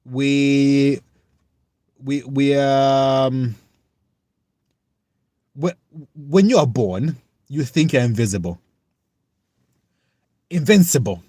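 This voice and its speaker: A young man from the United Kingdom, chatting live with viewers in an earnest, reflective and halting way as he reads and answers their comments. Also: mid-range voice, warm tone, no room sound. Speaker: livestreamer.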